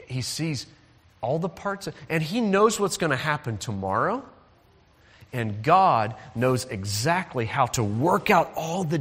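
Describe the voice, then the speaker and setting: Lively man preaching to children. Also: fairly high pitch, long reverb tail. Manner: lively, asks the audience to call out and join in. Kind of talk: animated Bible story for children.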